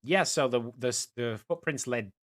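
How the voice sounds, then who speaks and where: A man running a tabletop game as dungeon master, narrating in a halting way with many fillers and restarts. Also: mid-range voice.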